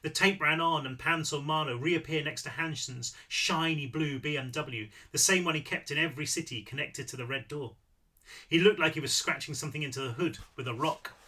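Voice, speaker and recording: Man reading his own book out loud, super bright tense voice, bit high. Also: brisk. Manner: lively storytelling, occasional self-corrections. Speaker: author reading his novel. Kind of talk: read-aloud narration.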